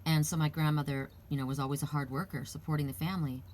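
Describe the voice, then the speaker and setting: A woman's voice: sits low, steady tone, fast, darkish tone. A woman giving a casual spiritual card reading, rambling and reassuring, with asides and restarts. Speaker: oracle card reader.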